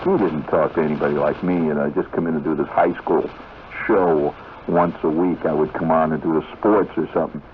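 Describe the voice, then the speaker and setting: A low-voiced man spins a rambling story on a 1970s radio broadcast, talking straight to the listener with asides and digressions. The sound is thin and tinny, like a phone line, with a faint hiss underneath. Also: fairly even intonation, a little fast. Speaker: radio host.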